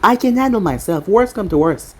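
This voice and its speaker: A woman's voice: medium pitch, lively intonation, fairly quick, husky. A woman reading the lines of a tough, wry female spy in a storybook reading, in a dry, unbothered way.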